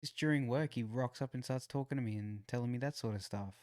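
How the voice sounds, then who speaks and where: A man's voice: medium pitch, fast, a little mellow, no echo, clean studio sound. A man co-hosting a podcast, chatting casually, laid-back, swearing and joking. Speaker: podcast co-host. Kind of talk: casual chat.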